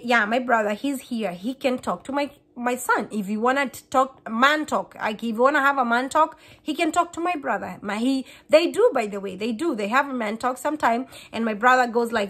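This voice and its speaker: A woman, a Kikuyu speaker, chatting fast to camera in a casual vlog, often repeating and restarting words. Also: fairly high pitch, a bit bright. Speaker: vlogger.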